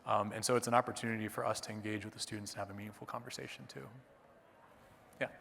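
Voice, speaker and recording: A clerkship educator gives a conference talk in a lecture hall and takes audience questions, often tagging points with "right?" in a conversational way. His lowish voice is flat, creaky and fairly bright, and he talks fast. There's a little hiss or hum, plus the long reverb of the hall.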